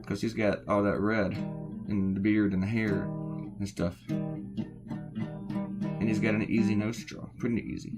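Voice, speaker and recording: Loud music plays behind a middle-aged man from the US whose voice is fairly low in pitch; he speaks slowly and pauses often. It's a casual chat as he draws a cartoon, meandering and peppered with sarcasm.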